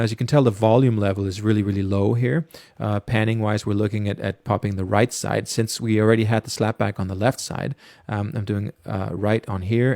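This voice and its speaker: A man, a music producer, casually talking through a studio mixing tutorial with many pauses and fillers. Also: on the low side, creaky, a little mellow, dry recording. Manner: casual, hesitant, lots of fillers.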